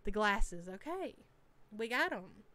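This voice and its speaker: A woman's voice: mid-range voice, big pitch swings, slow, bright, forceful tone. A woman hosting a casual live-stream reaction, chatty and teasing as she reads chat names aloud.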